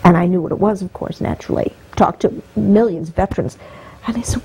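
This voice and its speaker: Woman guest telling her story, emotional, voice goes up when she gets moved, soft warm tone. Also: on the low side, fairly quick, slightly rough, low-quality recording. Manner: heartfelt, voice rising and breaking with emotion.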